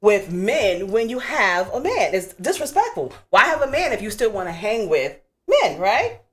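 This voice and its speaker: A woman hosting a call-in radio talk show, outspoken and animated, with lots of casual fillers. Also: medium pitch, normal speed.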